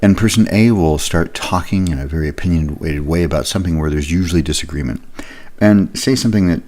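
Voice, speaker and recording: Male trainer with a very deep voice, explaining things casually. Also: fast, darkish tone, slight background noise. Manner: conversational, explanatory, with fillers. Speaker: leadership trainer. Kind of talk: recorded leadership lesson.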